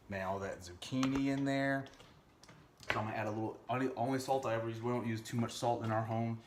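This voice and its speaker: A man's voice: mid-range voice, steady tone, quick pace, background noise. A young man chatting playfully while he cooks a stew in his home kitchen, humming little sound effects as he goes. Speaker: home cook vlogger. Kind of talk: casual cooking vlog.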